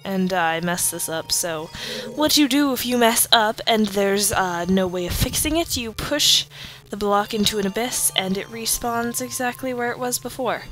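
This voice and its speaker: A sleepy young woman giving casual commentary over her gameplay, yawning and halting between fillers. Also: medium pitch, fairly bright tone. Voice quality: drowsy, halting with many fillers. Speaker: let's play commentator. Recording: game music behind voice. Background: game music.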